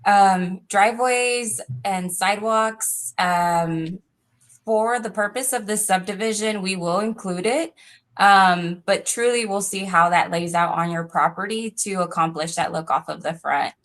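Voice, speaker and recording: A woman with a mid-range voice speaks as a design consultant on a casual live stream. She explains options in an upbeat, informative way, often pausing with small fillers. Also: mid-range voice, a bit bright.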